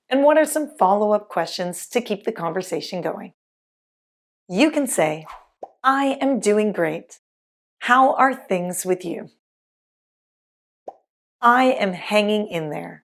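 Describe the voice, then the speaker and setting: Female ESL teacher, unhurried and precise, scripted pronunciation lesson. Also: medium pitch, lively intonation. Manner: slow, careful, clearly enunciated. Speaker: English teacher.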